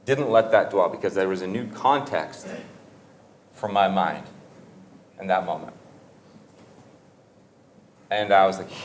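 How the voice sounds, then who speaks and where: A man's voice: low voice, takes it slowly, pauses often, a little hiss or hum. A man giving a motivational talk, telling a story in a conversational, humorous way and often correcting himself mid-sentence. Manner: conversational and humorous, with frequent self-corrections and laughter. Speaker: motivational speaker.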